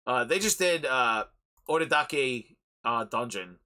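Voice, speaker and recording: A young man hosting a podcast, chatting casually and rambling excitably about an anime, swearing freely. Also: medium pitch, slow. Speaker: podcast host. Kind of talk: casual anime review chat.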